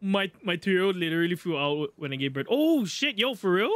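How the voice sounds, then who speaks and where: Excitable high-voiced male streamer. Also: fast talker, no echo. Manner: excitable, swears a lot, laughs loudly, jokes with chat. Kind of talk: live gameplay commentary.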